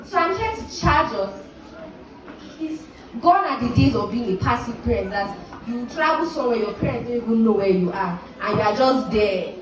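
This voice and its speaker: A woman's voice: a little high, expressive, moderate pace. Earnest woman urging parents, echoey PA. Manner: earnest, preachy, acts out parent and child quotes. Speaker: speaker at a school graduation. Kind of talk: exhortative speech to parents. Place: outdoor or large hall ceremony. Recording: echoey PA from far off, noisy.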